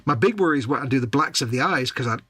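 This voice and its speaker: In casual live-stream chat, a model-making co-host talks rapid-fire and expressively in a medium-pitched, fairly bright voice. The sound is slightly rough with no room sound, and he rambles, restarts a lot and reads out chat comments.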